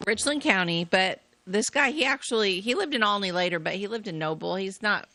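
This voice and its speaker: A woman's voice: mid-range voice, fairly quick, sharp tone. A woman co-hosting a casual chat show, talking in an easygoing, agreeable way. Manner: easygoing, agreeable, lots of yeahs and mm-hmms. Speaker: co-host.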